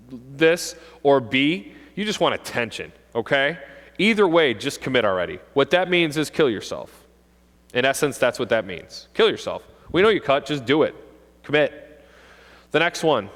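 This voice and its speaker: Police officer talking in a reverberant hall. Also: male voice, mid-range voice. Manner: animated storyteller, acts out kids' voices. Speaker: police officer giving a talk to parents. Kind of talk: presentation to an audience. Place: school hall.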